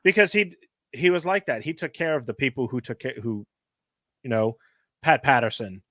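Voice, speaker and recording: Lively male podcast co-host, conversational, dry close sound, expressive pitch. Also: normal speed, no echo. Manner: animated storyteller, high squeaky put-on voices for jokes. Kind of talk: casual chat.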